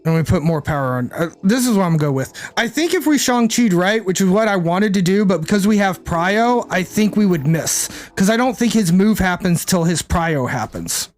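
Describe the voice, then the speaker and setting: A man's voice: high voice, expressive, normal speed, few pauses. A young man streaming a card game, chatting casually, thinking aloud and answering his chat. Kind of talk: casual live-stream commentary.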